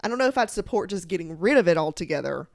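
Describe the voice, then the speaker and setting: A young woman chatting casually about books to her followers, animated and full of filler words and laughter. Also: fairly low pitch, rapid-fire, vocal fry, no echo, clean studio sound. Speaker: book content creator. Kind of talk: casual chat to camera.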